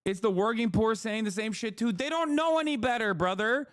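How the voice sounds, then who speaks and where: Sarcastic guy streamer ranting about politics, high-ish voice, dry close sound. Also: a little fast, clear, resonant tone, no room sound. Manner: profane, animated, sarcastic. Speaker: streamer host. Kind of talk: casual political commentary.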